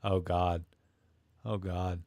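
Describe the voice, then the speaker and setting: A man hosts a casual live stream, rambling from one thought to the next and cracking jokes at the chat. His voice sits a little low. The sound is close and dry, with no room around it. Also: level tone, very slow, darkish tone, no room sound. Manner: rambling, jokey, reads chat comments aloud. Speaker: host of a live camera stream.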